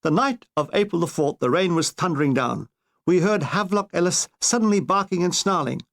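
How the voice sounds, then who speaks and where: A man's voice: high-pitched, fairly quick, gravelly. Wry man narrating his memoir. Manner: wry, deadpan asides.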